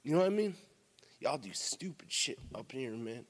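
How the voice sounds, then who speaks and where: A man's voice: mid-range voice, very animated, normal speed. A man giving an emotional share at a recovery meeting, near tears, talking bluntly with lots of swearing, "you know" and "man". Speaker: member sharing at a recovery meeting. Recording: long hall reverb.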